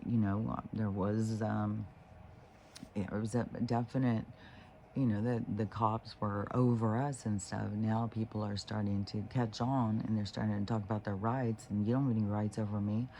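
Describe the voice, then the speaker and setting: A man's voice: lowish voice, little pitch movement, moderate pace, warm tone, slight background noise. A man talking in a loose, rambling monologue, swearing freely and restarting his sentences as he goes. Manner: rambling, profane, full of fillers and restarts. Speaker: spiritual vlogger.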